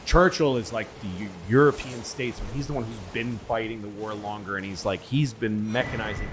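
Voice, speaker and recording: A man hosting a comedy podcast, telling stories in a rambling, animated, profane way. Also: lowish voice, brisk, few pauses. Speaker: podcast host. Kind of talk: casual comedy podcast storytelling. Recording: noisy podcast recording.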